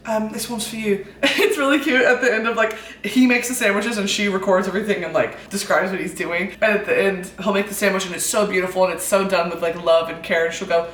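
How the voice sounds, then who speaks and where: A woman's voice: mid-range voice, normal speed, few pauses, fairly bright tone, recorded from a distance. An American woman hosting a comedic cooking vlog, joking in a mock posh English accent and swearing for laughs. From United States. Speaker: YouTuber host. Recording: roomy, off mic, faint music behind.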